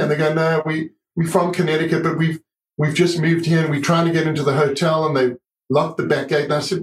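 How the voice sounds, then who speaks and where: A middle-aged man with a slightly high voice, telling his story with lively acted-out dialogue. He is recorded in an echoey room. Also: a little fast, slight background noise. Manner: animated storyteller, acts out dialogue. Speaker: guest author and surfer. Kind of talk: storytelling in a podcast interview.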